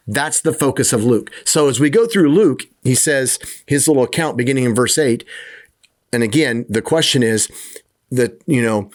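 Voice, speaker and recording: Guy teaching bible chapters, chatty and loose, mid-pitch voice, fills with you know and okay. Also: animated, normal speed. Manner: conversational, acts out the disciples' questions with a raised voice.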